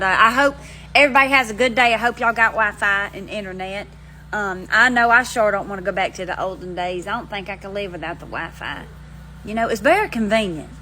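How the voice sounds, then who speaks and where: A woman's voice: mid-range voice, sharp tone, a little hiss or hum, rough recording. A woman with an Alabama Southern accent, chatting casually to her phone while sitting outside on her front steps, rambling in folksy country slang. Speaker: vlogger. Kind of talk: casual chat to camera.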